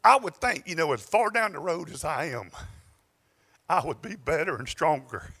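A pastor with a Southern US drawl gives a church sermon, his storytelling animated and alternating between exclamations and soft asides. He's a man with a fairly high, slightly rough voice at a moderate pace.

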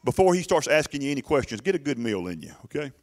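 A man's voice: mid-range voice, sing-song, fast talker. Emphatic middle-aged man preaching. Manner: emphatic, urging listeners, with frequent restarts. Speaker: pastor. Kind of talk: sermon. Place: church.

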